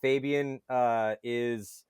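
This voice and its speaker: A man chatting casually on a podcast, telling lively stories and swearing casually. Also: mid-range voice, drawn-out words, a loud crowd. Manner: animated storyteller, swears casually. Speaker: paintball commentator guest.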